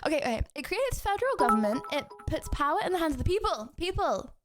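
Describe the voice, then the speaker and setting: A woman's voice: high voice, big pitch swings, fast, over music. A young adult woman livestreamer chatting casually, giggling and teasing herself as she reads questions aloud and answers them. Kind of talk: casual live-stream chat.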